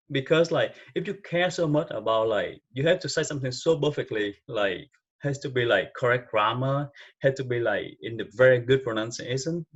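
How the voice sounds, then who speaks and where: A man with a Vietnamese accent talks off the cuff, rambling loosely and leaning on filler words as he gives advice. His voice is husky and slightly breathy, and the recording sounds dull and lo-fi. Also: medium pitch. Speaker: vlogger giving speaking tips. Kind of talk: casual unscripted advice talk.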